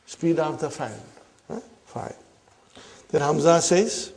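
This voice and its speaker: Gravelly, slow-talking Arabic teacher. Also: male voice, on the high side, animated, darkish tone. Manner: frequent questioning "huh?" tag, repeats "brothers and sisters". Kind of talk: classroom lesson.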